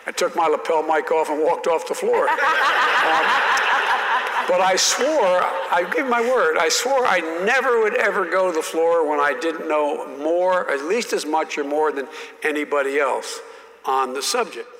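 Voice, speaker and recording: Brief: older male guest, anecdotal and emphatic, slightly high voice, reverberant room with long decay. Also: moderate pace, noisy background. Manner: repeats and restarts words, emphatic asides. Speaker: interview guest, former politician. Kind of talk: anecdotal storytelling in conversation.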